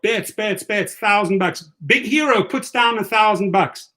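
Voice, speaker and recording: A man's voice: sits high, measured pace, hardly any pauses, pushed and bright. A man hosting a casual livestream, taunting a viewer in a combative, repetitive way. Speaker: livestream host.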